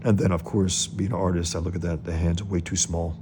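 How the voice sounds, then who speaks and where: A man's voice: low-pitched, flat delivery, a little fast, background noise. A man who is a comic artist, casually talking through comic pages, hesitant, with many fillers and restarts.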